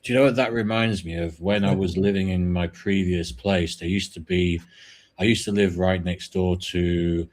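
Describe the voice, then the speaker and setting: A man co-hosts a casual online chat, telling rambling anecdotes in a low, easygoing voice. His talk wanders from one detail to the next. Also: fairly even intonation, normal speed. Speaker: co-host.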